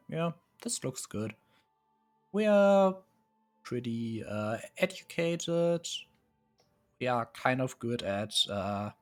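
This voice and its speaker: A man streaming live, casually musing and hesitating as he sets up a strategy game, chuckling often. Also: mid-range voice. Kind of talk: casual live gameplay commentary.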